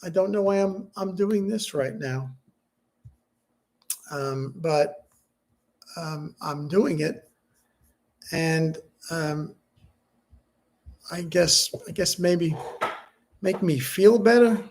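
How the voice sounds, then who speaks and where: A middle-aged man, grieving and subdued, talking haltingly in a personal vlog, with many restarts and fillers. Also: fairly high pitch, creaky, darkish tone. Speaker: vlogger.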